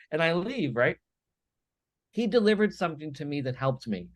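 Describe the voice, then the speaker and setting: A man speaking as a guest on a business podcast, with energetic, emphatic storytelling full of quick "right?" tags. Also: a little high, no echo. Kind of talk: podcast interview.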